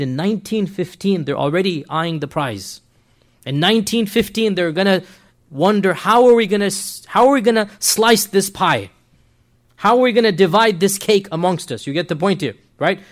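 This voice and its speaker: A man with a slightly higher voice lectures on history over a computer mic. He talks with emphatic, animated energy and keeps checking in with his listeners through rhetorical questions.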